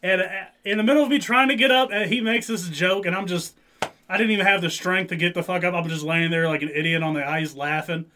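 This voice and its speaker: Young male co-host, high voice, swears constantly, rowdy storyteller. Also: fairly even intonation, quick pace, slight background noise. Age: 20s. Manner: profane, rowdy storytelling with loud acted-out quotes. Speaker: podcast co-host. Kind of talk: casual storytelling chat.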